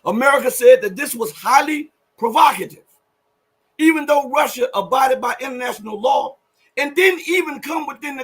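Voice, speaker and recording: Emphatic husky man, high-pitched commentary. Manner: emphatic, heated rises to near-shouting; rambling, self-correcting. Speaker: show host. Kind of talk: live political commentary.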